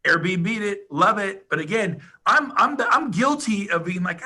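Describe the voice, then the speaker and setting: A middle-aged man giving an enthusiastic, emphatic sales pitch as a podcast guest. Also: lively intonation, pushed and bright, breathy edge. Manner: fired-up, rapid, emphatic, salesy. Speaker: podcast guest, real estate agent.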